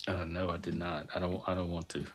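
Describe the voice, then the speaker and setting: A man hosting a casual panel chat, teasing and wisecracking with quick asides. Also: deep voice, level tone, faint music behind. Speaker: host.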